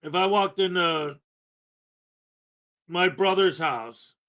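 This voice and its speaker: Exasperated man ranting, high sharp voice. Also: slow pace. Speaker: commentary host. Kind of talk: ranting commentary on a played clip.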